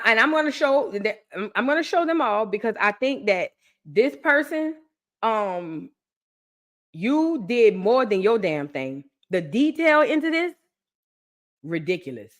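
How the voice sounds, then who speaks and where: A young woman chatting excitedly with her viewers on a live stream, repeating phrases for emphasis. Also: medium pitch, unhurried. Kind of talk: casual live-stream chat.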